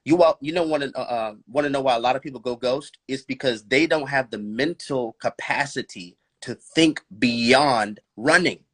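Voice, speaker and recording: A man's voice: medium pitch, moderate pace, hardly any pauses. A married man talking faith and relationships in a podcast conversation, preaching with fervent cadence, rhetorical questions and bursts of laughter. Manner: laughs and addresses listeners as bro, girl.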